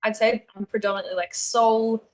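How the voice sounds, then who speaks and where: A woman's voice: a little high, fairly even intonation, fairly quick, darkish tone. A young woman, a singer-songwriter guest, chatting casually and giggling with lots of fillers. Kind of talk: casual chat.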